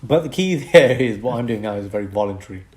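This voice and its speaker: A man's voice: lowish voice, expressive, quick pace, a little mellow. A man co-hosting a casual podcast, explaining medical conditions and chuckling between points.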